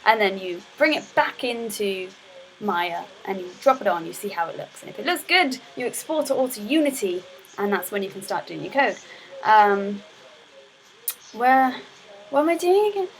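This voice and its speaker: On her casual live stream, a young woman studying game development talks in a mid-range voice with big pitch swings at a moderate pace. The rough audio carries a little hiss or hum, and her chat rambles, full of fillers and restarts.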